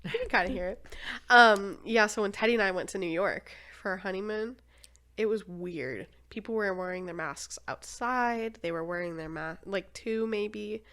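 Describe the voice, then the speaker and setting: A woman hosting a podcast, chatting casually and relaxed, with short agreeing replies. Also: mid-range voice, moderate pace. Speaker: podcast host. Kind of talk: casual conversational interview.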